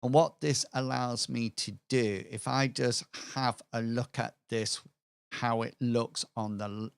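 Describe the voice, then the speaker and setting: Slow, gravelly man thinking aloud. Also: mid-range voice, steady tone, no echo. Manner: hesitant, full of fillers and restarts while brainstorming. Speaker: streamer planning a tabletop campaign. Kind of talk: thinking-aloud worldbuilding livestream.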